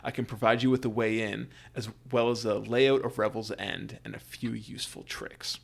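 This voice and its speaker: A man voicing a middle-aged male dwarf noble who makes an earnest, hushed proposition in a tabletop game. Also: fairly low pitch, fairly even intonation, moderate pace, creaky.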